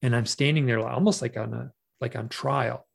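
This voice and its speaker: A man, a podcast guest and author, telling a personal story in a casual, animated way, often restarting his sentences. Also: medium pitch, moderate pace, vocal fry. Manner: animated, emotional retelling with many restarts. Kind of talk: conversational storytelling.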